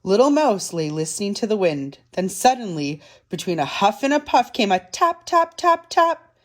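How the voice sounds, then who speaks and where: A woman narrates a children's picture book for a library storytime. Her mid-range voice rises and falls a lot, soft and dramatic, slowing for suspense. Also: mid-range voice, big pitch swings.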